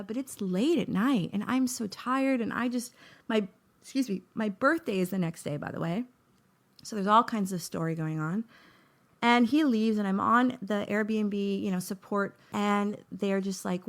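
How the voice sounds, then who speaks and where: Gravelly-voiced woman telling a personal story. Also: medium pitch, measured pace. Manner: animated, acts out her own inner voice in quotes. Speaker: podcast host.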